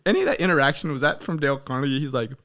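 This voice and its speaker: A young man hosting a podcast in casual chat, swearing freely and laughing loudly as he tells stories. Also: medium pitch, racing. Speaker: podcast host.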